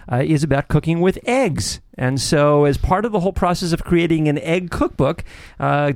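Animated male radio host, dry sound. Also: medium pitch, no echo. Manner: animated, joking, many fillers. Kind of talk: casual radio chat.

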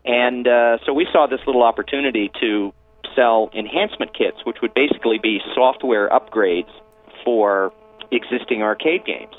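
A man calling in as a guest, explaining things in an easygoing, unhurried way. His voice comes through a thin, tinny phone line with the lows cut away. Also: faint music behind. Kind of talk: casual phone interview.

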